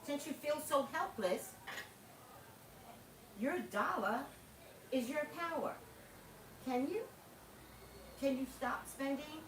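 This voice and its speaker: A woman's voice: high-pitched, slow, long pauses, fairly bright tone, roomy sound, distant mic, slight background noise, poor audio. A woman hosting a livestream, talking casually and passionately to her viewers, laughing often. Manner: impassioned, preachy, laughs often. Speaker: livestream host.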